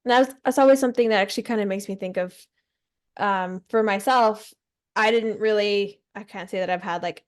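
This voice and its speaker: A woman's voice: mid-range voice, a little fast. Candid, chatty woman podcast co-host. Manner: chatty, candid, self-deprecating. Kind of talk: casual podcast chat.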